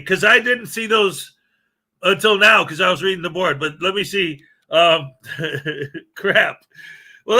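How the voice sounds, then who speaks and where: A man's voice: sits high, pushed and bright. A man hosting a casual morning live stream, chatty and self-deprecating as he greets viewers.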